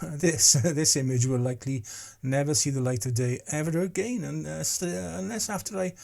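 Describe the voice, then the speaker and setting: A man's voice: on the high side, moderate pace, gravelly, darkish tone. A man in his sixties chatting casually to camera as a vlogger, rambling and self-deprecating. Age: 60s.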